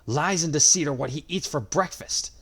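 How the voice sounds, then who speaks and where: A man voicing an angry young male swordsman hero in a fan audio story, with a cold, defiant, sharp-edged delivery. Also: on the high side, moderate pace, slightly rough, voice pushed up. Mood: furious.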